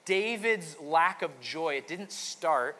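Male pastor, conversational sermon, slightly high bright voice, reverberant hall. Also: expressive, takes it slowly. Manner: conversational storytelling, frequent restarts.

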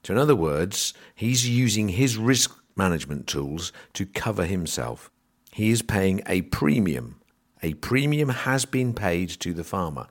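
A man hosting a podcast, explaining grain trading in a dry, sardonic monologue. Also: low-pitched. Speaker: podcast host on grain marketing.

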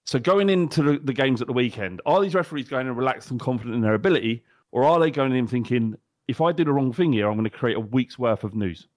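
A man's voice: medium pitch, animated, fast, few pauses, dry recording, clean studio sound. A man co-hosting a football podcast, ranting bluntly and heatedly with plenty of swearing. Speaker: podcast co-host. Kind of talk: casual chat.

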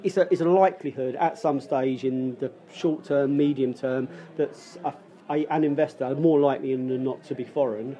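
A man hosting a casual football fan podcast, talking haltingly with many restarts. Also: medium pitch, dark tone. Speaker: podcast host. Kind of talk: casual pub podcast chat.

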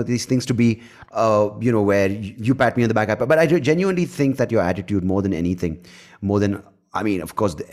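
A man hosting a podcast in casual chat, blunt and quick to swear when riled. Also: on the low side, a little mellow. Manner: blunt, swears freely, gets heated. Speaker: podcast host.

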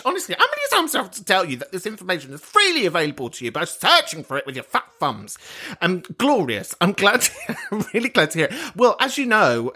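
A camp, foul-mouthed man in his thirties hosts a chatty podcast. His voice is bright and forceful, and it jumps all over the place in pitch. He laughs often as he talks. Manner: sweary, camp and gossipy, laughs a lot. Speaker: podcast host. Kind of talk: casual comedic chat.

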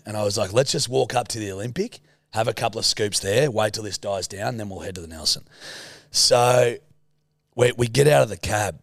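A man's voice: on the low side, normal speed, gravelly, dry recording. A man with an Australian accent, a podcast co-host telling a story in casual, sweary chat.

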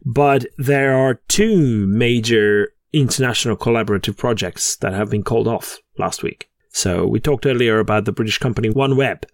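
Jokey male podcast co-host, mid-pitched, dry close sound. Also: normal speed, creaky, few pauses, no room sound. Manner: chatty, jokey, laughs at own puns. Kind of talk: casual chat.

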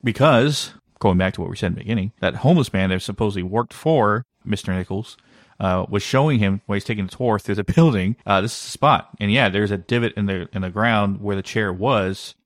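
A man with a low voice tells a story in an animated way and leans on filler words along the way. He is co-hosting a casual podcast. The mic is close and the sound is dry. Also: a little fast, no echo. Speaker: podcast co-host. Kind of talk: casual conspiracy podcast chat.

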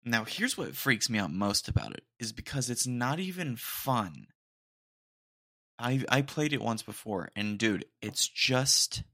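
A man's voice: medium pitch, animated, unhurried, bright, forceful tone, no room sound, clean studio sound. A man hosting a casual solo podcast, rambling and joking as he talks. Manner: rambling and jokey, says "dude" a lot. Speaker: podcast host.

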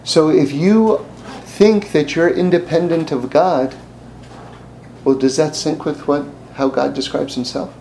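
A man with a fairly high, creaky voice delivers a sermon at an unhurried pace, telling stories and acting out the voices of the characters. He is animated and laughs often. The audio is poor, with a little hiss or hum.

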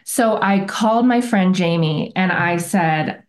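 A woman's voice: on the low side, measured pace. A woman guest on a podcast, telling a personal story in a reflective, earnest way and sometimes restarting her sentences. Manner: reflective and earnest, often self-correcting. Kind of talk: conversational interview storytelling.

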